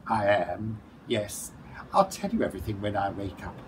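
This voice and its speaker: A man's voice: fairly low pitch, very animated, normal speed, noisy background. Man voicing a courteous sleepy cuckoo, storybook bird, genteel. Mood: polite, sleepy. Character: polite weary male cuckoo, well-mannered.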